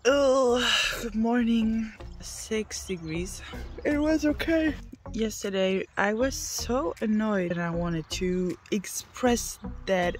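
A woman's voice: a little high, slow, darkish tone. Candid woman vlogging on the road. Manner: candid, self-talking, swears freely when frustrated. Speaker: bikepacking vlogger. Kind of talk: casual travel vlog to camera. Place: outdoors on the road.

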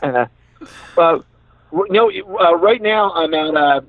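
A man's voice: a little high, a little slow, no echo. Philly-accented man on a tinny phone line. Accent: Philadelphia. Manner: rambling, laughs through his stories. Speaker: comedian guest. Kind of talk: casual chat. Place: inside his parked truck. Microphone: phone call.

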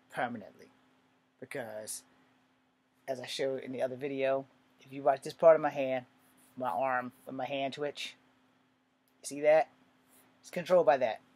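A man tells a story to camera in a blunt, profane way at an average pitch. He drops to low mutters, then bursts up to loud, shouted lines as he acts out the confrontation. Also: husky. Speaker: vlogger.

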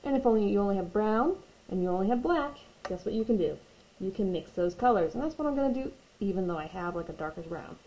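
A woman's voice: mid-range voice, lively intonation, fast talker, dark tone, low-quality recording. A woman teaching a watercolor painting tutorial, patient and reassuring, repeating her key points. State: hiccups. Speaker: art teacher.

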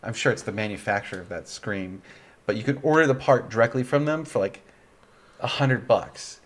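A man's voice: mid-range voice, moderate pace. A young man hosting a casual livestream chat, tired and yawning, rambling and laughing often. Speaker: livestream host.

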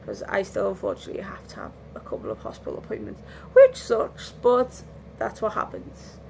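A woman's voice: mid-range voice, sing-song, fast talker, vocal fry, a little hiss or hum. A tired woman chatting candidly in a casual home vlog, rambling and restarting her sentences, yawning now and then. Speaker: vlogger. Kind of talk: casual lockdown vlog chat.

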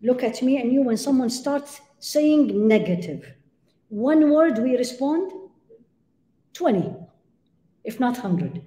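A woman's voice: sits high, big pitch swings, slow, pauses often, dark tone. A woman giving a religious lecture to a live audience, emphatic, asking rhetorical questions and weaving in Arabic phrases. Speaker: Islamic lecturer. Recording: echoey lecture room.

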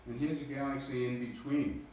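With a flat delivery, darkish tone and medium pitch at normal speed, a man presents a public lecture, going over slides and making jokes about himself. The sound is distant and heavily echoed by the hall, over a faint hiss.

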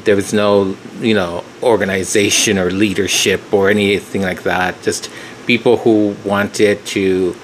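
Slow, low-voiced man hosting his channel. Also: level tone, a little hiss or hum. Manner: slow, reflective, pausing to gather himself. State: close to tears. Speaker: channel host. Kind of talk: emotional solo commentary.

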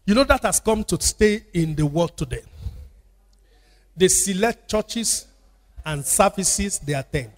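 A Nigerian-accented pastor preaches a sermon in a church, his fairly high, expressive voice moving a little slowly with frequent pauses. He repeats phrases and calls on the congregation to respond. The church hall gives the recording a long reverb.

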